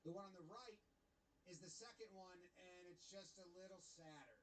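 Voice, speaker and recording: A young man casually commentating baseball highlights, animated and playfully mocking the umpire. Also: normal speed, low-quality recording.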